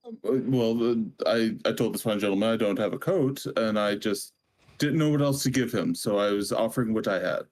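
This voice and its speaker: A man's voice: lowish voice, fairly quick, a little mellow. A man taking part as a player in a tabletop game, talking hesitantly with stammers. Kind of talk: casual tabletop role-play.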